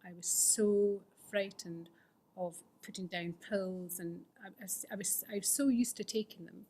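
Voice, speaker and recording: With a warm, mid-range voice, fairly even intonation, and a measured pace, a middle-aged woman shares her recovery story at a fellowship meeting. The testimony is candid and self-mocking, and she often lowers her voice to a whisper.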